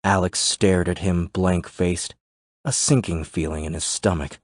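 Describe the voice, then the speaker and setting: Deep-voiced male thriller narrator. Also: no room sound. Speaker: audiobook narrator.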